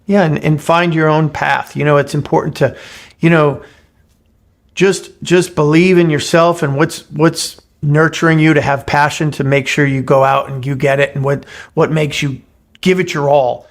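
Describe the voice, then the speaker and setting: A man's voice: a little high, fairly even intonation, moderate pace. A man co-hosting a podcast, talking earnestly in casual chat, often repeating words as he starts a sentence, and retelling a short fable. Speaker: podcast co-host.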